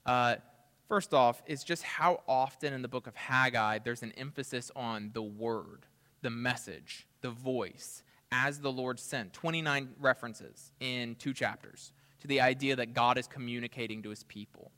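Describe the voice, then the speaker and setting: A man preaching a sermon as pastor, earnest, building to emphatic peaks and dropping to soft asides. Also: medium pitch, moderate pace, long reverb tail. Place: church sanctuary.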